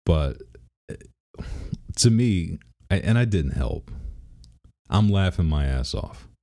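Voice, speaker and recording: A father in his thirties with a very deep, mellow voice and an unhurried pace. He tells stories in a rambling, easygoing way, restarting sentences often. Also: lively intonation. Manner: rambling and laid-back, with frequent restarts and laughter. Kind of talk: casual personal vlog.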